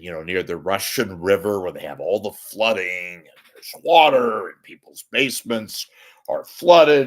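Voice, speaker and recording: A man hosting his own show, ranting casually to camera in a rambling, wisecracking, profane way, often clearing his throat. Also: on the low side. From San Francisco Bay Area. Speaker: host of a media commentary show. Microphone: webcam or camera at desk.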